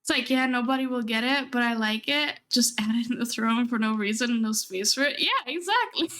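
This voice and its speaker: A woman's voice: on the high side, normal speed, a bit bright, slight background noise. A young adult woman streaming, chatting casually and rambling, often laughing as she talks. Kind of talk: casual chat.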